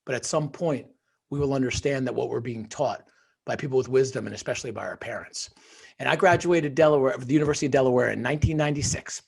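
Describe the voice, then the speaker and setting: Husky motivational storyteller, New Jersey man. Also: mid-range voice, fast. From northern New Jersey, USA. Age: middle-aged. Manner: animated storyteller, emphatic motivational delivery. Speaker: podcast guest, author and financial wholesaler. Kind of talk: casual storytelling interview.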